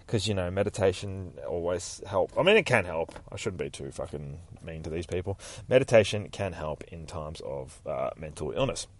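A man hosting a podcast, giving a crude, excitable recap of a comic book. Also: deep voice, normal speed, dry recording. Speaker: podcast host.

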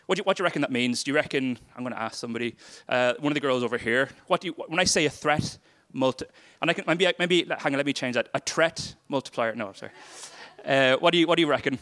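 A man's voice: mid-range voice, fast, a bit bright, no room sound. A young Irish man giving a casual, self-deprecating talk to a youth group for a charity. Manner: chatty, self-deprecating, loose and conversational. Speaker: charity workshop speaker.

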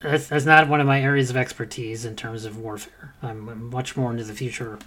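A man's voice: medium pitch, steady tone, fairly quick, fairly bright tone. Blunt, profane man, wry podcast host. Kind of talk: casual podcast chat.

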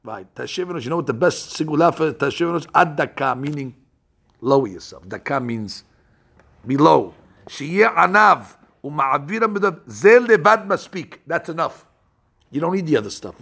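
With a slightly high voice, vocal fry, and a rapid-fire pace, a man gives a Torah class. He brings his stories to life by acting out scenes, frequently restarting and using fillers along the way.

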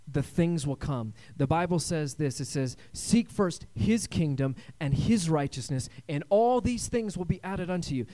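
A male pastor with a notably high voice delivers a sermon. He swings from loud, emphatic declarations to hushed, near-whispered lines and keeps asking the congregation for an amen. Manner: dynamic preaching, swinging between loud emphasis and hushed tones, asks for amens.

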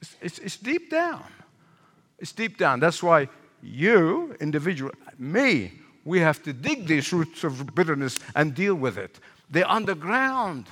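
Older man, pastor, sermon, repeats key phrases, bright forceful tone, long hall reverb. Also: a little high, measured pace. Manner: animated preaching, repeats phrases for emphasis, asks the congregation questions.

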